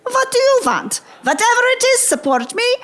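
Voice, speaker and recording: Casting: a woman doing a boastful German-accented propaganda chief, high, swooping delivery. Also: sing-song, normal speed, fairly bright tone, exaggerated voice. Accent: put-on German. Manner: boastful, mock-instructive, shifting pitch. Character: male Nazi propaganda minister, smug lecturer. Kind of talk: musical comedy acting.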